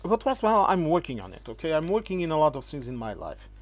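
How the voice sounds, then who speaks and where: Talking fast and very animated in a slightly high voice, this channel host faces the camera and rebuts his critics. His style is emphatic and lecturing; he keeps tossing in "okay?" and addresses the viewer as "my friend".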